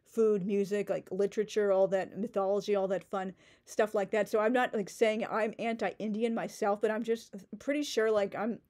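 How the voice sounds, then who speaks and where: A woman's voice: mid-range voice, fairly even intonation, normal speed, a little mellow. A woman ranting in a book-critique vlog, sarcastic and indignant, with many "like" fillers and restarts.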